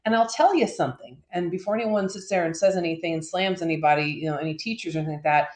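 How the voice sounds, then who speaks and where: A woman's voice: fairly low pitch, racing, a little mellow. Woman, podcast co-host, frustrated rambling rant, swears a lot, echoey room. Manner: frustrated, profane, rambling with many fillers. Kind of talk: casual ranting chat.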